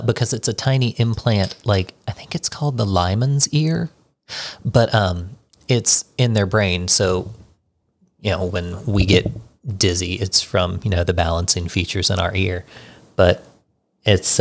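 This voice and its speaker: A man co-hosting a book club podcast in a studio, explaining details in a relaxed, casual way. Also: sits low, unhurried, gravelly. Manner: explanatory, relaxed, reads passages aloud. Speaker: podcast co-host.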